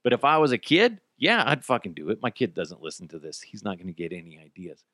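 Man in his thirties, solo podcast host, exasperated profane ranter, lively pitch, dry close sound. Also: quick pace, no echo. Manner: animated, profane, exasperated ranting. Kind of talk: casual solo podcast rant.

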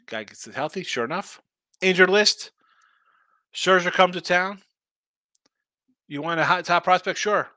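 A man's voice: high voice, measured pace, pauses often, pushed and bright, no echo. A man hosting a sports betting show, talking casually and rambling through opinionated takes full of rhetorical questions.

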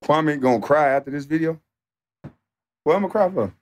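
A man streaming live, ranting off the cuff in a profane, mocking, animated way that sometimes turns to shouting. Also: fairly high pitch, moderate pace. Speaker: livestreamer. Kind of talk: off-the-cuff livestream rant.

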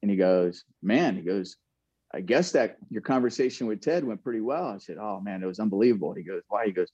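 A man with a low, mellow voice recalls old stories in a relaxed interview, laughing now and then and restarting his sentences. The recording is dull and lo-fi, with a dry, close sound. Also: fairly quick, breathy edge, no echo. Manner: reflective, laughs often, many restarts. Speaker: guest, former pro baseball player. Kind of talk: casual storytelling interview.

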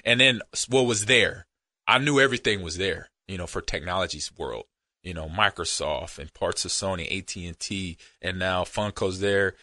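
A man co-hosting a podcast in easygoing, rambling casual chat that often drops to a low murmur. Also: moderate pace, sharp tone, no echo, clean studio sound. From United States. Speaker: podcast co-host.

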